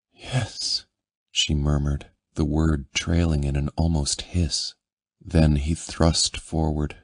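A man narrating a romance audiobook in a measured, intimate reading. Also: a bass voice, breathy edge, no room sound, clean studio sound.

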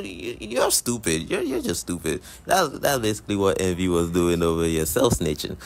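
Deep gravelly man joking in slang. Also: sing-song, moderate pace, few pauses. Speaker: anime recap commentator. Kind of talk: casual comedic commentary.

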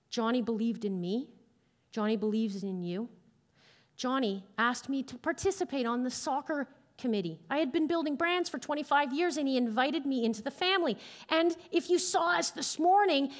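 Woman on stage giving a pep-talk keynote, high voice, lively storyteller. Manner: animated storytelling, laughing often. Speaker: keynote speaker. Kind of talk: motivational keynote speech. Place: large hall on stage.

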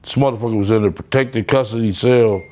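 A man's voice: fairly low pitch, fast talker, warm tone. A man telling stories in a casual interview, blunt and profane, acting out the voices of people he quotes. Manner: profane street storytelling, acts out quoted voices. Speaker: interview guest.

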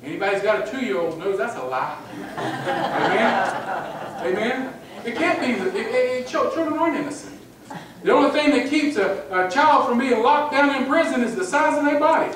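A male pastor with a very high voice delivers an emphatic sermon, repeating key phrases and checking in with the congregation. He sounds distant from the microphone, with heavy hall echo and a faint hiss underneath. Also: animated, moderate pace, fairly bright tone. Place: church sanctuary. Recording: echoey hall, far from the mic, faint noise.

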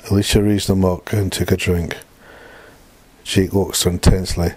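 A man reading a dark short story aloud in a plain, steady way. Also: sits low, moderate pace, husky. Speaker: narrator.

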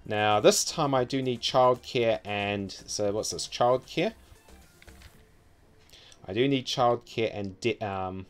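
A man's voice: on the low side, slow pace, clean tone, faint music behind. A man with a New Zealand accent giving casual, offhand commentary as he builds a city in a game, muttering wryly to himself.

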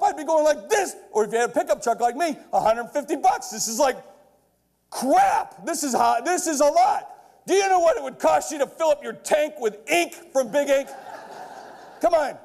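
Middle-aged man with a very high voice, brash stage speaker who builds to shouted punchlines. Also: fairly quick, vocal fry. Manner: keeps checking in with the crowd with "okay?". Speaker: keynote speaker. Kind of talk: energetic stage keynote. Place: large lecture hall before a live audience.

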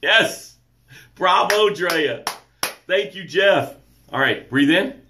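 A man hosting a live motivational show, energetic, greeting viewers by name and reading their comments aloud. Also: slow pace, background noise. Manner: drops soft and low to read quotes and breathing cues. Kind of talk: live-stream motivational talk.

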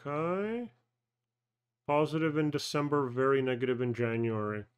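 A man hosting a personal finance channel, thinking aloud through a casual live screen-share walkthrough, halting with fillers and self-corrections. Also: mid-range voice, smooth. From Canada.

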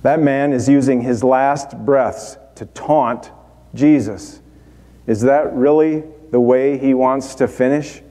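An actor playing a dying, repentant male thief in a dramatic monologue, speaking in halting, broken phrases. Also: medium pitch, steady tone, dark tone, lightly acted. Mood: reflective. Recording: long hall reverb.

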